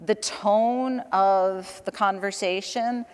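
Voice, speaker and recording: A woman of middle pitch talks through her work on a conference stage, chatty and story-driven, breaking into laughs between points. Her voice carries a long reverb from the hall around her. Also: fairly even intonation, takes it slowly, clean tone. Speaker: panel guest, communications director. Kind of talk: conference panel conversation.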